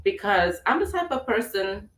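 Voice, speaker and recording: A woman's voice: mid-range voice, very animated, normal speed, a bit bright, roomy sound, far from the mic, low-quality recording. A woman hosting a radio talk show, upbeat and motivational, a little under the weather with a tight throat. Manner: upbeat, motivational, laughs easily. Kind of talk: casual radio chat.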